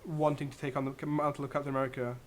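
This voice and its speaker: A man's voice: mid-range voice, little pitch movement, rapid-fire, a little hiss or hum. A young man co-hosting a casual TV review, chatty and enthusiastic, often correcting himself. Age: young adult. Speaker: co-host reviewing a TV series. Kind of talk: casual chat.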